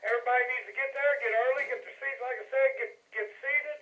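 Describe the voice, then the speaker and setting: A man's voice: very high-pitched, steady tone, fast talker, bright, forceful tone. A man co-hosting a wrestling talk show, talking up events in emphatic promoter banter. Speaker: co-host. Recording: echoey phone-line audio with faint noise.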